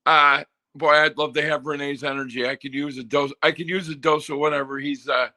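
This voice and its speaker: A friendly male caller who thinks aloud as he talks, with plenty of fillers. His voice is slightly raised in pitch and very bright. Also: flat delivery, a little fast. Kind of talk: casual call-in chat.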